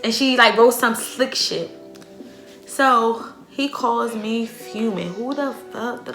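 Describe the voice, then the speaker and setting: Speaking slowly, a young vlogger recounts a casual storytime for her camera with plenty of drama, profanity, and slang. Her bright, fairly high voice bounces around an echoey room as soft music plays in the background.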